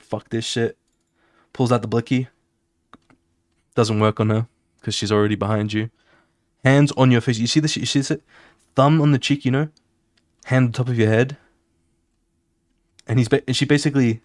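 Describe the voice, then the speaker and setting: A man's voice: mid-range voice, no room sound, clean studio sound. A young man streaming while he draws, retelling a comic in a casual, slangy way and adding spoken sound effects. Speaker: artist streamer. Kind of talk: casual storytelling while drawing.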